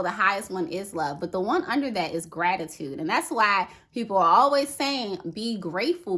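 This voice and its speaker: Bright, chatty woman vlogger. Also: medium pitch. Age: adult with a daughter. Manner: chatty, animated, lots of "okay" and "right". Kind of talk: casual chat to camera.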